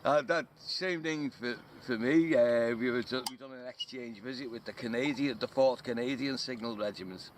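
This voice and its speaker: An English man in a mid-range voice tells stories in a gruff, dry way. He swears throughout a relaxed chat in the woods. Faint outdoor sound sits behind him. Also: medium pitch, moderate pace, few pauses, a little hiss or hum. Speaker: bushcraft veteran. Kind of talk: casual outdoor banter. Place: outdoors in woodland.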